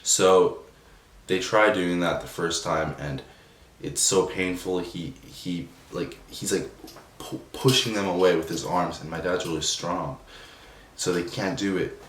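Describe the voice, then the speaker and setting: A young man telling a personal story in a subdued, emotional way, halting with many restarts and fillers. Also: low-pitched, steady tone. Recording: roomy echo, distant from the mic, faint noise.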